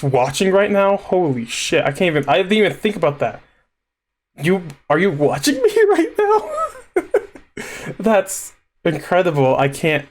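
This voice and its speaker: A young man with a slightly raised voice rambles through a casual monologue at his desk microphone. He stammers, restarts his sentences and laughs nervously. Thanking his viewers makes him openly emotional. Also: a little high. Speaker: vtuber gaming streamer.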